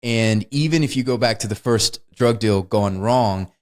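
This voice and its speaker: In a casual movie-review chat, a male podcast co-host speaks at a normal speed in a lowish, slightly mellow voice. He's enthusiastic and tends to laugh while telling his stories.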